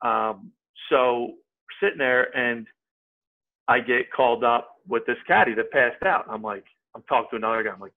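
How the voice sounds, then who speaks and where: A male podcast guest tells a story casually and with animation, acting out what people said. His pitch is medium and his pace moderate, heard over a tinny, phone-like line.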